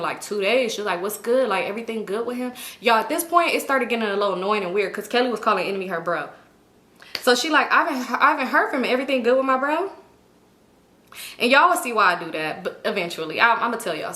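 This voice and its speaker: A woman's voice: fairly high pitch, bright, forceful tone. A young woman telling a personal story to her viewers in a chatty, slangy way and often calling them "y'all". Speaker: storytime vlogger. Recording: echoey room.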